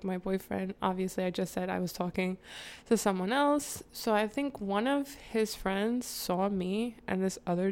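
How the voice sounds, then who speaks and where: A woman vlogger telling a candid, slangy story to her viewers, laughing often and wandering off on side remarks. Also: medium pitch. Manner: chatty, digresses, addresses viewers.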